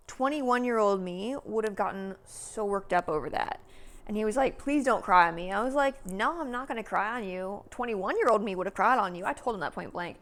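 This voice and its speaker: A woman in her early thirties talking casually and at length in a vlog, meandering with lots of "like"s and sighs, sometimes sinking to a soft near-whisper. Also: medium pitch, moderate pace. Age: 30s. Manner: chatty, meandering, many "like"s and sighs. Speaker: vlogger.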